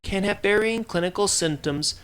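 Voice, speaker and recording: A man's voice: sits high, normal speed, a bit bright, clean tone. A man reading medical research news for a podcast, often stumbling and restarting on technical terms. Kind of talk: reading science news script.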